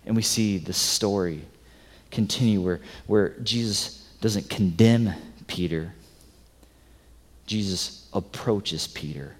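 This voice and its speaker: Guy preaching, goes from loud and pushy to really quiet, big echoey church hall. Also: deep voice, a little slow. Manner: swings from loud and emphatic to soft and hushed. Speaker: pastor. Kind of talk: sermon. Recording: long hall reverb.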